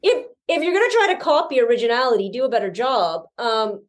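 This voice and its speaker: A woman with a fairly high voice talks through a movie in casual chat. She is blunt and sarcastic, and her delivery is animated. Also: a little fast. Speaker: podcast co-host.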